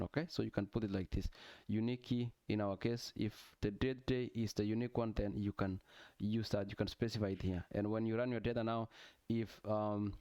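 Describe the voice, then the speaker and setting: A man teaches a data tool over screen share, laying out each step patiently and checking in with an "okay" again and again. His voice is smooth and clear at an ordinary pitch. The sound is dry and close, with no room echo. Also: darkish tone. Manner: explanatory, frequent "okay" and "uh" fillers. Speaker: tutorial instructor. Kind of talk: screen-share tech tutorial.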